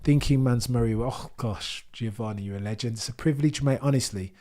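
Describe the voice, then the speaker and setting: A man hosting a live racing watchalong, talking in a verbose, animated way with mock commentator flourishes while reading chat. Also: mid-range voice, fairly quick. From Britain. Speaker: F1 livestream host.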